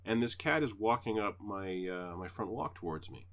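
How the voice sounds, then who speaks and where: Here a podcast co-host with a fairly low voice tells a lengthy story at a normal speed. The chat is casual, and he's animated, cursing freely and performing other people's lines.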